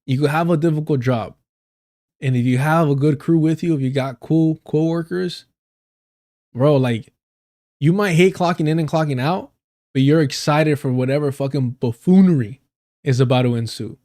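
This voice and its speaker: A man's voice: a little high, normal speed, dark tone. A man hosting a live stream, telling casual stories in a loose, rambling way, swearing freely and laughing often. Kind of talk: casual storytelling.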